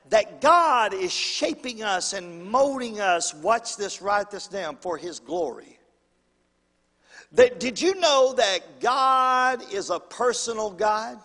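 A male pastor preaching a sermon, calling for amens and swinging between loud and hushed delivery. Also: sits high. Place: church sanctuary. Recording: long hall reverb.

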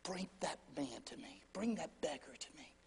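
A man voicing a calm, commanding holy man who speaks slowly and quietly. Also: a little high, gravelly, in a large hall, crowd noise, pitched below the performer's own voice. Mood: solemn. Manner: slow, quiet and solemn.

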